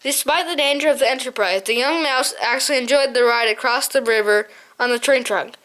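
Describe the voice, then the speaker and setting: A woman reading a storybook aloud in a high, light voice. Her narration is steady, with the odd stumble she corrects and moves on from. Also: brisk. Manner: steady reading with small slips and self-corrections. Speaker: audiobook narrator. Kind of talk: scripted narration.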